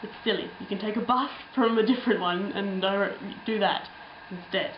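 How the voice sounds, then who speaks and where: A woman's voice: medium pitch, normal speed, echoey room, lo-fi sound, a little hiss or hum. A young woman telling a travel story in a casual, rambling way, full of ums and little laughs. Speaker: travel vlogger.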